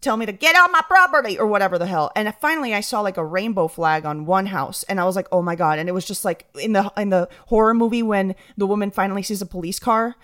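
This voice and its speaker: Animated young woman telling a story. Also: medium pitch, quick pace, few pauses. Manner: animated, acts out quotes in voices. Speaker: podcast co-host. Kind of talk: casual chat, storytelling.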